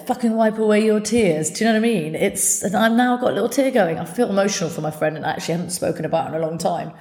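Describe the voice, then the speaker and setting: A woman's voice: mid-range voice, mellow, roomy sound. A woman hosting her own podcast, talking candidly and from the heart, swearing freely as she speaks. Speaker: podcast host. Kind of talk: candid solo podcast talk.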